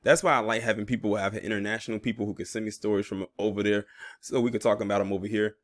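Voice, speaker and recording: A man's voice: on the low side, steady tone, fast, dry recording, studio quality. A man in his early thirties doing news commentary, reading reports aloud and reacting with emphatic disbelief. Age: 30s. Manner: incredulous, emphatic, drawls when outraged. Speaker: commentary YouTuber.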